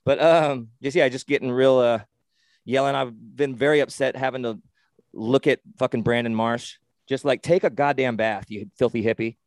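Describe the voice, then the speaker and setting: A man co-hosting a podcast in casual sports chat, rambling and excitable with lots of swearing and restarts. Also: medium pitch, normal speed, no room sound. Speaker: podcast co-host.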